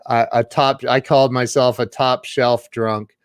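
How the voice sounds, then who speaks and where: A middle-aged man, a guest on an interview show, telling a personal story casually, rambling with many restarts and turning animated when he quotes others. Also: mid-range voice, unhurried, clean tone, dry recording, clean studio sound. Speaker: guest, social media marketing coach.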